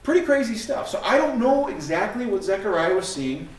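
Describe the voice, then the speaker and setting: A middle-aged man preaching a sermon as pastor, telling stories in an animated way and acting out the scenes. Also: sits high, brisk. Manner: animated storytelling, acts out scenes. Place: church sanctuary. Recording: echoey room from a distant mic, faint noise.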